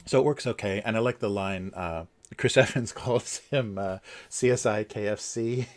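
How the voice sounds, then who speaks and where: A man's voice: fairly low pitch, a little slow, a little mellow. A man hosting a casual livestream, talking in a rambling way with many fillers and restarts. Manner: chuckles between points. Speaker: livestream host.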